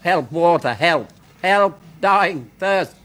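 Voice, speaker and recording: A man voicing a thirsty man crawling through the desert, crying out in desperate high cries. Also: animated, slow, a bit bright, full character voice. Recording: faint noise, archive comedy clip.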